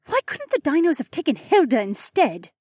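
High, lively female voices, swooping up and down, as a male narrator puts them on. The sound is close and dry. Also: moderate pace, no echo, full character voice. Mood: urgent. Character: excited young women companions.

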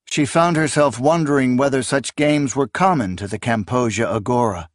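A man giving scripted audiobook narration in a measured, even storytelling manner. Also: mid-range voice, dry recording, studio quality.

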